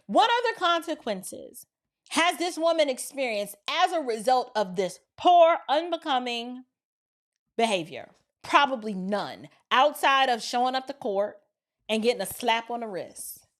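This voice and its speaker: Woman commentator, high-pitched, very animated, preachy. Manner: preachy, animated, slips into voices of friends. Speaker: commentary host. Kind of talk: opinion commentary.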